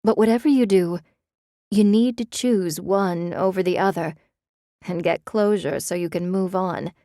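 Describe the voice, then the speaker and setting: Woman playing a blunt older sister, wry and dry, low, close-miked voice. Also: unhurried, warm tone, dry recording. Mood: frank.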